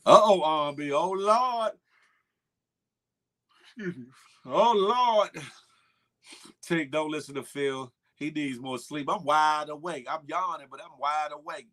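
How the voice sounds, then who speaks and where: Speaking a little slowly and pausing often, this man has a fairly high, somewhat bright voice. He hosts a morning show, reading out viewer comments and casually chatting, teasing people with slang and laughs.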